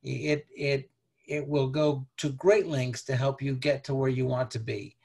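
A man presenting a parenting lecture over slides, talking in a conversational, halting way with many restarts. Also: mid-range voice, fairly even intonation, gravelly, darkish tone, breathy edge. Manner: conversational, halting, peppered with "you know".

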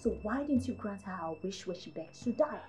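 A woman's voice: medium pitch, animated, brisk, soft background music, natural voice. An actress with a Nigerian accent playing a demanding mistress who coaxes and threatens her lover. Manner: coaxing, then sharp and demanding. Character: scheming young mistress, demanding and bold. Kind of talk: film drama acting.

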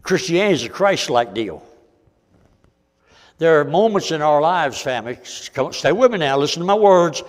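Male preacher, folksy sermon, loud-soft swings, highish voice, big reverberant church. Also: very animated, moderate pace.

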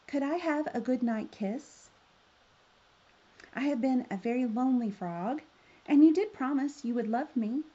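A stubborn little male frog from a storybook, put on by a woman reading aloud. He speaks slowly and insistently, in a raised, somewhat mellow voice. The recording sounds a little dull. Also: high voice, voice pushed up. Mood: pleading. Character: small stubborn male frog, later a prince.

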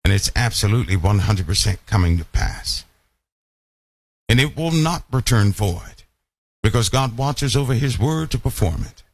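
A man preaching a Bible-study sermon who keeps asking his listeners questions and slows down to stress key lines. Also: fairly low pitch, expressive, no room sound. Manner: emphatic, asks the audience questions often.

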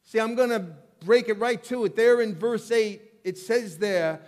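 A man preaching a sermon as pastor, telling the story with animated, acted-out voices and frequent restarts. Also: high voice, unhurried. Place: church sanctuary. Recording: long reverb of a church hall.

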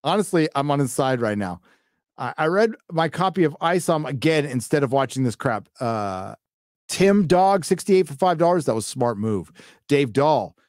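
Sarcastic man with a lively, dry voice. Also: mid-range voice, normal speed, dry recording. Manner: sarcastic, mocking, laughs while reading. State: tired. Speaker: live stream host reading donation messages. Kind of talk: late-night live stream chat.

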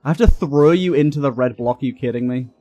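Young male gamer, excitable commentary, mid-pitched, faint game music underneath. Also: fast talker, no echo, lo-fi sound. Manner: excitable, frustrated outbursts and swearing. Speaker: gaming YouTuber. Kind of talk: let's play commentary.

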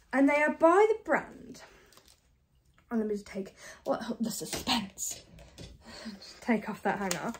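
A woman from the UK chatting casually to camera about her thrift finds, fast and self-deprecating, a bit out of breath. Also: fairly high pitch. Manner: chatty and self-deprecating, talks fast with many ums and likes. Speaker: reseller vlogger. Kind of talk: casual haul chat to camera.

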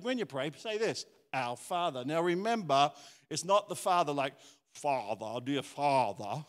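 A middle-aged pastor preaches in a somewhat high voice, telling stories and acting out the people in them. The sound carries a long reverb from a church hall. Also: male voice. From Australia. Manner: animated storytelling, acts out quoted voices. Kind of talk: sermon with personal story.

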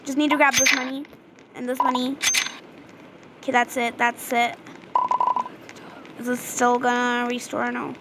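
A woman giving casual gameplay commentary, chatty and excitable, reading game dialogue aloud. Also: a little high, measured pace, long pauses. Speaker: gaming video creator. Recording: noticeable background noise.

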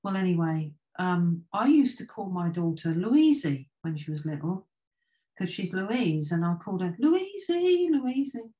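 A woman's voice: fairly low pitch, lively intonation, warm tone. A woman, a trance medium guest telling spiritual anecdotes in an easygoing, conversational way. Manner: anecdotal, unhurried, with filler restarts. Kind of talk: casual storytelling in conversation.

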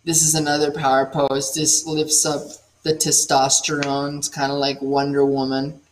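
A young man, an actor and singer, giving a casual acting workshop in an animated, demonstrative way with lots of "like" fillers. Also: a little high, normal speed, a little hiss or hum.

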